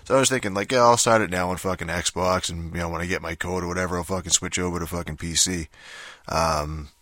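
A man's voice: low-pitched, fairly even intonation, fast talker, fairly bright tone, dry recording, clean studio sound. A man ranting casually about a game release, rambling and frustrated, swearing constantly. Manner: profane, rambling, frustrated, heavy swearing and fillers. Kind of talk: casual rant to camera.

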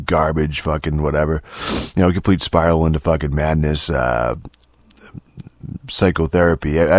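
A grumpy man in his thirties hosting a show, ranting with constant swearing and halting restarts. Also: rumbling low, no echo, clean studio sound. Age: 30s. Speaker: podcast host. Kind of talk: profane rant monologue.

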